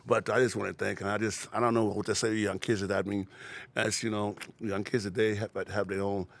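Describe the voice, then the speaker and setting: A man's voice: lowish voice, flat delivery, fairly quick, creaky. A man in his sixties chatting as a podcast guest in a laid-back, rambling way, laughing often and peppering his talk with "man". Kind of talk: casual interview chat.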